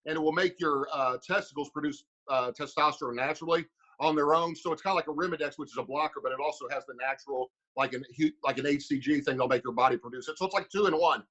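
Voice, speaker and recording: A man's voice: fairly high pitch, fast talker, a bit bright, lo-fi sound. A former heavyweight fighter, a man, rambling through a story with lots of fillers on a casual podcast.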